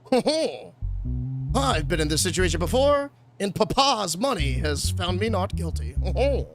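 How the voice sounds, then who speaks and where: A man's voice: high-pitched, big pitch swings, normal speed, music in the background. A man putting on the voice of a smug rich young man who boasts about family money and chuckles "ho, ho" in a mocking way.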